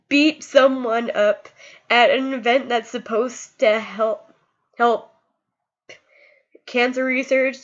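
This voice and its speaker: A woman's voice: on the high side, muffled recording. A young woman vlogging emotionally, impassioned and scolding, often repeating her words while upset. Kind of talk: emotional personal vlog.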